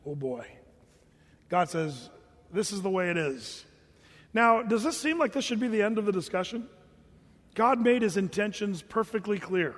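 A man's voice: high-pitched, normal speed, big-room sound. A man preaching a sermon as pastor. He reads scripture, explains it in a conversational way and asks the listeners questions.

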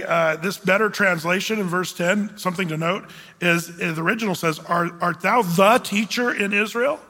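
High, bright-voiced pastor in an echoing hall. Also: male voice. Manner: conversational, many ums and restarts, asks the congregation questions. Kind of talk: verse-by-verse Bible teaching sermon. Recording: long hall reverb.

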